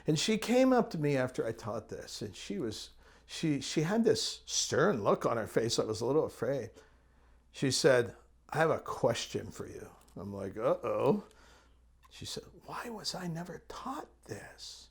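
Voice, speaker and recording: A middle-aged man of ordinary, middle pitch tells personal stories of faith as a ministry teacher. His delivery is earnest and storytelling, and at times he sinks into a soft whisper. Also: sing-song, measured pace, breathy edge. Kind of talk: personal testimony talk.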